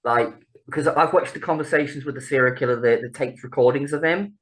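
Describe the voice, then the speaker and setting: A woman's voice: very deep voice, fairly quick, slightly rough. A woman, co-hosting a podcast in casual chat, laughing often, swearing freely and bantering. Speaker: podcast co-host.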